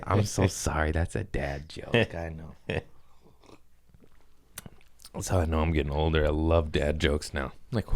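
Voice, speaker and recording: A man's voice: extremely low pitch, unhurried. A young adult man hosting a comedy podcast, rambling through crude jokes and laughing at himself. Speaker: podcast host. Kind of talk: casual comedic monologue.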